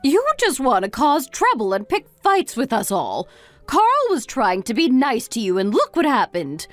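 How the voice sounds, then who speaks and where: A woman's voice: high voice, wildly swooping pitch, moderate pace, a bit bright, full character voice. An actress playing a bitter, reproachful middle-aged mother in a scripted text-story drama, lecturing her grown son.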